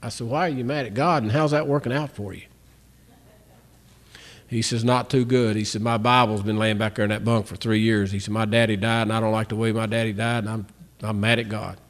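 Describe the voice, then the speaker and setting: A man's voice: on the low side, fairly even intonation, a little fast. Man telling a faith testimony. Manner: storytelling, acts out both sides of dialogues. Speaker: Christian testimony speaker. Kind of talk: spoken testimony.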